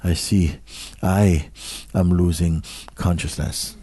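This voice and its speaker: A man giving a slow, measured satsang talk as a spiritual teacher, often dropping to soft, hushed phrases. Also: deep voice, steady tone, husky, no echo.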